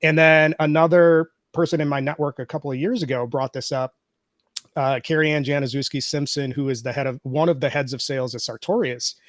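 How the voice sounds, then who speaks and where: A man's voice: medium pitch, dry recording. Man explaining data in a dry, close sound. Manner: measured, explanatory, cites data points. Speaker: guest, podcaster. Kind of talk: interview answers.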